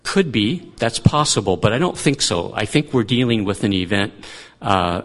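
A man's voice: fairly low pitch, expressive, moderate pace, a bit bright. A man teaching through a Bible passage in a conversational way, thinking aloud and restarting his sentences.

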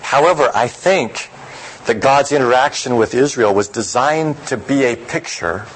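A man's voice: mid-range voice, animated, slightly rough, rough recording. Man reading scripture and explaining it. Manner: reads scripture aloud, then explains it in a measured, reflective way. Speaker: preacher. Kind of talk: sermon.

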